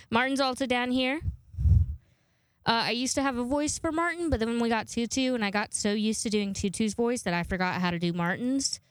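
A woman's voice: fairly high pitch, fairly quick, smooth, no room sound. A woman in her twenties hosting a podcast into a microphone, chatting in a rambling way and swearing freely. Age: 20s. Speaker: podcast host. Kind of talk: casual podcast monologue.

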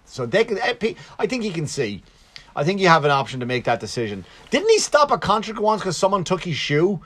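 A man's voice: sits high, very animated, fairly quick, fairly bright tone. A man who works as a stand-up comedian, telling a story in a casual, rambling way with lots of cursing, asides and self-corrections.

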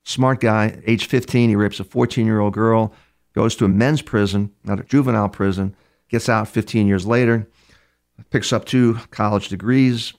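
A man's voice: on the low side, fairly even intonation, moderate pace, a little mellow. A man from New York, a criminal profiler, telling case stories in an interview with many restarts and repeated words. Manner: acts out other speakers' words inside his stories. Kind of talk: storytelling in a conversational interview.

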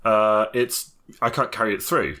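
A man's voice: lowish voice, normal speed, sharp tone. A man chatting casually about a video game, swearing and joking. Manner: sweary, jokey, laughs often. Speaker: gamer podcast co-host.

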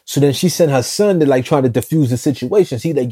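A man telling a street story in a slangy, profane, animated way, often restarting his sentences. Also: medium pitch, fast talker, breathy edge, no room sound.

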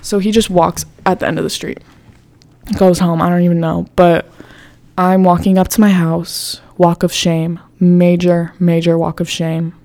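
A woman's voice: on the low side, level tone, unhurried, darkish tone. A woman in her twenties, a podcast host casually telling a story with lots of fillers and swearing.

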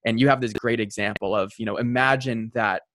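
A man's voice: medium pitch, steady tone, brisk, fairly bright tone, no room sound, studio quality. A young man hosting a casual conversation, reflective and hesitant, often repeating words as he thinks. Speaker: podcast host.

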